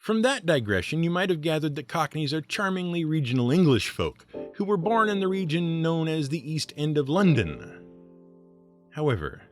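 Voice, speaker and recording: Lively wry male podcast narrator. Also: fairly high pitch, normal speed. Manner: wry, sardonic asides. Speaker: host. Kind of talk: scripted narration. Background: music.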